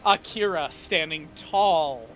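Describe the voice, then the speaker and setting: A man's voice: a little high, takes it slowly, background noise. A man narrating as game master of a tabletop game in a casual, swearing style.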